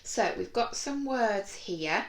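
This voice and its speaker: A woman teaching a phonics lesson to young children, sounding out each word slowly and clearly and encouraging them. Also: mid-range voice, animated. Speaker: primary school teacher. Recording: echoey room.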